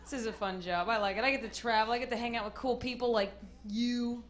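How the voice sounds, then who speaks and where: A woman doing a stand-up comedy set on a club stage, bursting into loud acted-out voices and shouts. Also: fairly high pitch, steady tone, fast talker. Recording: live club with noisy crowd.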